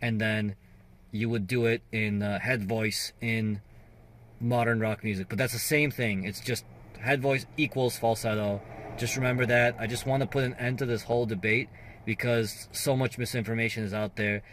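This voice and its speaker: A man's voice: mid-range voice, fairly even intonation, normal speed, fairly bright tone, slight background noise. A man hosting a singing and guitar channel, explaining vocal registers casually and singing short demo notes. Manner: conversational explaining with fillers and sung demos. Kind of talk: casual video lesson.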